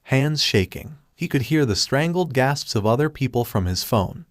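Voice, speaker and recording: Male narrator, steady story reading, dry close-miked sound. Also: medium pitch, moderate pace, no room sound. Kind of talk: fan fiction reading.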